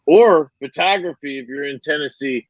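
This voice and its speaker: A man's voice: fairly high pitch, normal speed, dry recording, dull audio. A man hosting a casual live stream and signing off, loose and profane, with plenty of ums and restarts.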